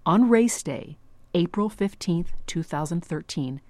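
A woman radio reporter narrating a scripted story in a measured, clear storytelling manner. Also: fairly low pitch, expressive, mellow, no echo.

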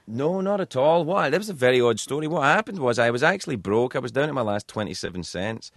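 A man's voice: mid-range voice, lively intonation, fast, dry recording. A man telling rambling, self-deprecating stories as a guest in a radio studio interview. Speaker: talk show host as guest.

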